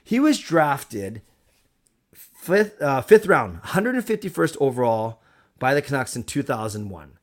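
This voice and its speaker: A man hosts a live stream in a loose, rambling way, chatting straight to his viewers and thanking them. His voice sits at an ordinary middle pitch. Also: very animated, unhurried. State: recovered from a cold. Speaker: livestream host. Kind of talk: casual live-stream chat.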